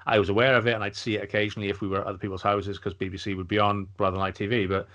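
Podcast guy talking quick, rambly, keeps saying yeah. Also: lowish voice, level tone, a bit bright, lo-fi sound. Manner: rambling, restarts, quick agreement. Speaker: podcast co-host. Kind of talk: casual chat.

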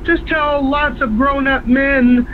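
A man caller putting on a whiny, childlike voice, pleading haltingly for a new papa. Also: extremely high pitch, fairly even intonation. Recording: tinny phone line with hiss.

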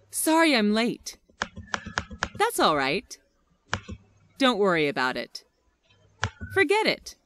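A woman slowly reading everyday English phrases one at a time for learners, with a deliberate teaching delivery. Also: medium pitch, a bit bright, slight background noise.

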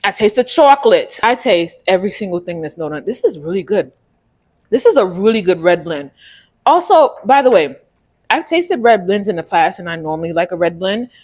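Sassy, animated woman vlogger. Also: medium pitch, moderate pace. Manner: sassy, playful, animated with sudden loud exclamations. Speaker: vlogger reviewing a wine. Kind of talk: casual chat to camera.

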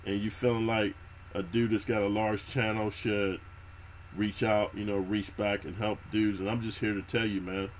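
A man's voice: lowish voice, level tone, moderate pace, a little hiss or hum. A middle-aged man talking casually in heavy street slang and constant swearing, telling prison and military stories to his viewers. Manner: streetwise slang, swears a lot, calls listener homie. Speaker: YouTube prison-story host. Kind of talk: unscripted casual monologue.

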